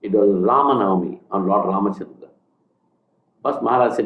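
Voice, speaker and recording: A man with an Indian accent speaking after a lecture, apologetic and quick to laugh at himself. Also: fairly low pitch, roomy sound, phone-quality sound. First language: Indian language. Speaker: visiting speaker. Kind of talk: casual talk after a lecture.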